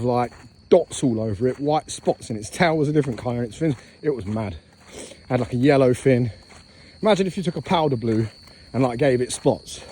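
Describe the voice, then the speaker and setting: Chatty British man with a mellow voice. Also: mid-range voice, a little hiss or hum. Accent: British English. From England, raised there from about age four. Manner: chatty, self-mocking, drifts between topics. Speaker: travel vlogger. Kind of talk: casual rambling vlog talk. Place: outdoors at night on an island path, walking. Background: crickets and insects.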